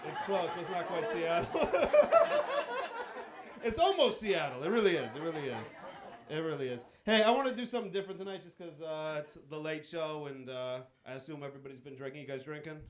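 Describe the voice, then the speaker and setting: A man's voice: on the high side, sing-song, brisk. A man doing stand-up comedy in a club, teasing the audience with profane, riffing crowd work. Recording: live club recording with crowd. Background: audience laughter.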